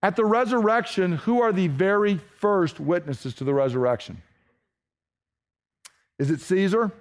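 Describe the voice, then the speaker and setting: A man with a high, bright speaking voice preaches a sermon. He teaches by asking his listeners questions, then slows right down to press a point home. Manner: teaching with rhetorical questions, slowing for emphasis.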